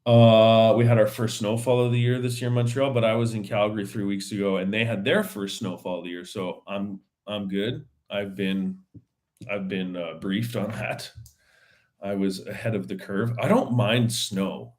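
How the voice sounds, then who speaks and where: A man with a slightly low voice hosts a solo podcast. He rambles loosely from thought to thought, full of slang, fillers and half-finished restarts. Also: flat delivery, moderate pace, a little mellow. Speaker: podcast host. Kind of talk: casual solo chat.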